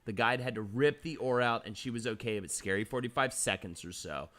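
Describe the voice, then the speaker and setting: A man's voice: medium pitch, fairly quick, pushed and bright. A man hosting a live-streamed podcast, reading chat comments aloud and telling stories casually, with swearing. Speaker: podcast host.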